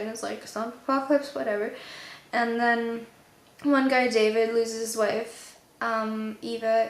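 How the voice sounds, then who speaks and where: A woman giving a casual book review, rambling and offhand, full of fillers. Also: a little high. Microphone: low-budget camera mic. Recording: echoey room.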